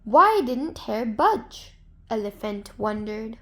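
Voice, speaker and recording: A woman narrating a folktale to children in a gentle, expressive storybook manner. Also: on the high side, slow pace.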